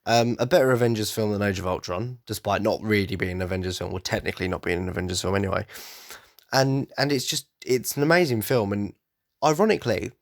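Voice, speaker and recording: A man's voice: on the low side, fast, dry recording, studio quality. A man hosting a casual solo podcast, rambling enthusiastically with restarts and stutters, a bit blocked up and nasal from hay fever. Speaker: podcast host.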